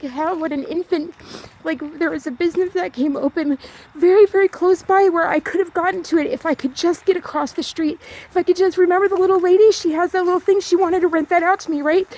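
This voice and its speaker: A woman vlogging outdoors on a trail, talking in a rambling, repetitive, fast way while she walks. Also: extremely high pitch, a little mellow. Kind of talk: rambling walk-and-talk vlog.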